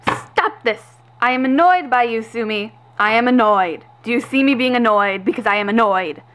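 A woman's voice: medium pitch, measured pace, fairly bright tone, close to an everyday voice, low-quality recording. A woman playing a cold, bossy female boss. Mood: irritated. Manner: clipped, bossy orders. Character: stern female project boss, cold and commanding. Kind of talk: amateur doll-video voice acting.

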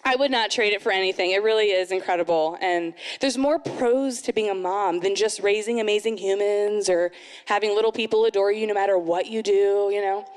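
A woman in her thirties performing a stand-up comedy set, animated, jumping into sudden high put-on voices. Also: brisk, clean tone, in a large hall. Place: live comedy event venue.

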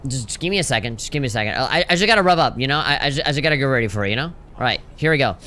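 A man's voice: mid-range voice, lively intonation, racing, pushed and bright. A man streaming a game, reacting with jokes, laughs and swearing in casual commentary.

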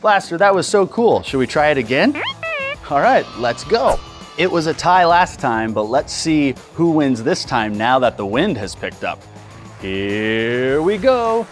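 Animated woman hosting a kids' show. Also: deep voice. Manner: excited exclamations, slow and clear for kids. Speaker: children's show host. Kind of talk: playful educational talk to young children. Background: background music.

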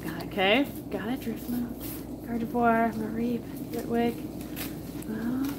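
Woman co-host, chatty and excitable, slightly high voice, echoey room with steady background noise. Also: measured pace, distant mic. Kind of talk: casual chat opening fan mail.

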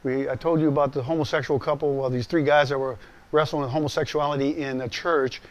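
A fast-talking male pastor with a voice on the high side delivers a personal testimony sermon. He speaks to his listeners directly and conversationally, animatedly performing the voices he quotes.

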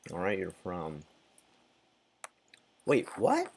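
Low and very slow, this man's voice swings hugely in pitch, with vocal fry and a breathy edge. He hosts a gaming channel, muttering, reacting, laughing, and occasionally swearing as he plays.

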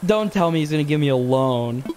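A young man streaming a video game live, reading the on-screen text aloud and breaking into excited, high exclamations. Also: brisk, a little hiss or hum.

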